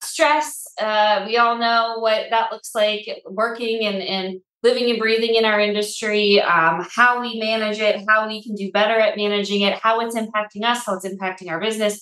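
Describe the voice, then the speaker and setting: Podcast host: woman, higher voice, upbeat and encouraging, recorded off-mic in an echoey room. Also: steady tone, moderate pace, a bit bright. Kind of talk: hosting an interview.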